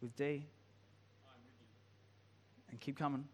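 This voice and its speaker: A man preaching a sermon, moving between hushed, slow reading and rising, impassioned pleading. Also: mid-range voice, flat delivery, long reverb tail, a little hiss or hum. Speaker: pastor. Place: church.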